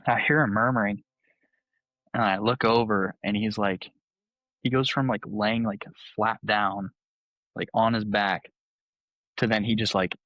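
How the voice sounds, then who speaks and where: A man's voice: fairly low pitch, steady tone, a little slow, pauses often, dry recording, lo-fi sound. A young man, a podcast guest, telling a story casually, full of "like" and acted-out quotes. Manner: laid-back, lots of "like", acts out quotes. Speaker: podcast guest, college baseball player.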